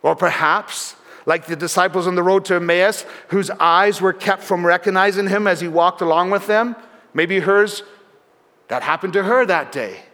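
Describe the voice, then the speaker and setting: Preaching earnestly at a moderate pace, this pastor's fairly high voice trails away into the long reverb of a church sanctuary. Warm in his storytelling, he softens on important words for emphasis.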